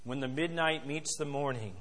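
Preacher with a bright, forceful voice. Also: male voice. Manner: swings between soft, low asides and loud, rising emphasis; quotes scripture and hymn lines in a slow, stressed cadence. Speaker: pastor. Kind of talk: sermon.

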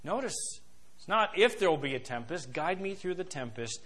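A male pastor preaching a sermon, who swings from soft, low asides to loud, rising emphasis and quotes scripture and hymn lines in a slow, stressed cadence. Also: sing-song.

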